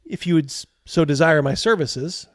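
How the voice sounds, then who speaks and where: A man's voice: on the high side, lively intonation, normal speed, no echo, studio quality. A man voicing an eager, skinny twelve-year-old boy who works as a city guide and talks in a chatty, salesy, overly polite way.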